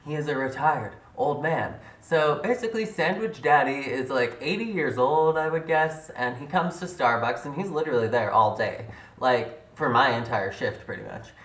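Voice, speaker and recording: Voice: mid-range voice, animated, normal speed, fairly bright tone. A young adult vlogger telling a story to camera in a chatty way, full of "like" and "literally". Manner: chatty, leans heavily on "like" and "literally". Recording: roomy sound from a distance.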